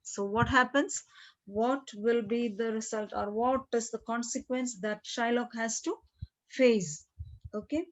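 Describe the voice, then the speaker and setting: A woman teacher explaining a play to her class, saying "okay" often and clearing her throat. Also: a little high, steady tone, a little slow. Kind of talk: classroom literature lesson. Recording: dull lo-fi recording.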